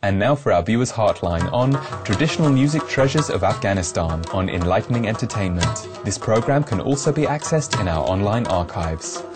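A man presenting scripted good-news reports in a gentle, earnest way. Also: on the low side, expressive, brisk, hardly any pauses. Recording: music underneath.

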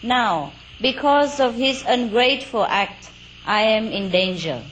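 A gentle, noble golden deer from a folk tale speaks slowly and with dignity, as a woman storyteller puts him on. The voice stays close to her own everyday tone. Faint insect noise sounds in the background. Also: a little high, animated, low-quality recording. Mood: dignified.

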